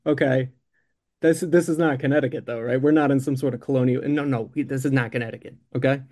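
A man's voice: medium pitch, steady tone, quick pace, dark tone, natural voice. A man voicing a confused young man with a fuzzy memory, asking bewildered questions.

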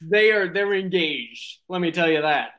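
A man's voice: high-pitched, lively intonation, measured pace, pushed and bright. A man improvising a silly comic story, rambling and giggling, with lots of ums and restarts. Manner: rambling, giggly, many fillers.

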